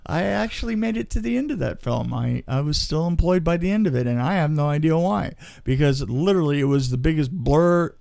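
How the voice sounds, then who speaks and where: A man's voice: on the high side, animated, a little fast, gravelly, hardly any pauses, a little mellow, no echo. A man telling a long personal story in casual chat, laughing often and restarting his sentences. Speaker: storyteller guest. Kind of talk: casual anecdote.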